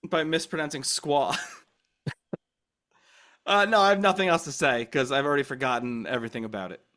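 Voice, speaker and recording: A man's voice: mid-range voice, normal speed, long pauses, sharp tone. A man co-hosting a podcast in casual chat, joking around and playing with voices. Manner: joking, slips into a mock Canadian voice. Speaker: podcast co-host.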